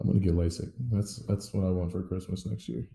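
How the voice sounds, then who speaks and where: A man co-hosts a casual podcast with dry, laid-back humor. His voice sits low and very dark. He sounds like he is in an echoey room. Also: fairly even intonation, brisk, creaky. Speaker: podcast co-host. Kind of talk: casual chat.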